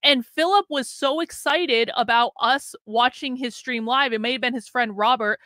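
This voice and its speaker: A woman's voice: on the high side, moderate pace, sharp tone, dry recording, clean studio sound. A woman hosting a live-stream political commentary show, talking in an emphatic, sarcastic way and swearing freely.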